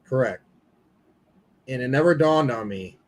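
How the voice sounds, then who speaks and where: A man's voice: medium pitch, lively intonation, measured pace, rough recording. Male podcast co-host, mid-range voice, loose and candid storyteller. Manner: candid, swears casually, retells dialogue. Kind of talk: casual storytelling chat.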